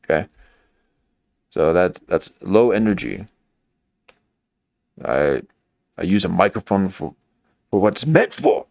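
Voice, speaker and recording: A man's voice: low voice, expressive, slow pace, creaky, long pauses, a little mellow, no room sound. A man giving rambling, mocking live-stream commentary into a desk microphone. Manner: mocking, meandering, full of restarts.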